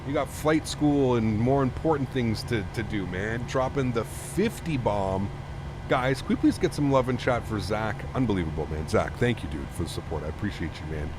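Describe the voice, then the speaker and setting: A man's voice: lowish voice, moderate pace. A man from Canada streaming a flight sim, chatting casually and thanking viewers as he reads chat. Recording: steady background noise.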